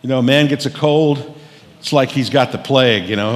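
A middle-aged man preaches a funny sermon as pastor, telling folksy stories and cracking jokes. He speaks a little fast in a mid-range voice, and the church sanctuary gives the recording a long hall reverb.

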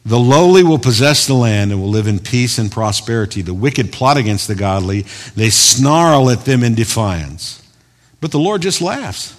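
Male pastor, animated sermon delivery, loud peaks and soft asides, reverberant hall. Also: mid-range voice, moderate pace. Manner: animated preaching, swinging from loud emphatic bursts to quiet asides.

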